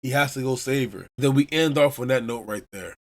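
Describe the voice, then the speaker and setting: A man's voice: medium pitch, fairly quick. A man from Chicago hosting a podcast, casually recapping a manga chapter as an enthusiastic storyteller. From Chicago, USA. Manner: enthusiastic storyteller retelling scenes. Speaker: podcast host.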